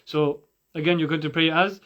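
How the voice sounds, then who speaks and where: A man teaching Quran recitation, patiently breaking words into sounds and repeating them slowly for listeners to copy. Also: fairly high pitch, steady tone, a bit bright, highs cut off. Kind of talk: tajweed lesson with slow demonstrations.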